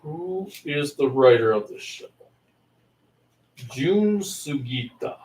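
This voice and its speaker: A man's voice: medium pitch, lively intonation, slow, a little mellow. A man chatting casually in a lukewarm, hesitant way, with many fillers. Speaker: co-host. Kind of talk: casual reaction chat. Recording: echoey room, far from mic.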